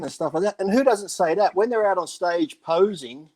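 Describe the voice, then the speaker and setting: A man with a slightly high voice tells stories in a casual radio chat. He acts out other people's quotes with lots of energy and swears freely along the way. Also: moderate pace. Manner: animated storyteller acting out quotes, swears freely. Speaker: bodybuilding radio show regular.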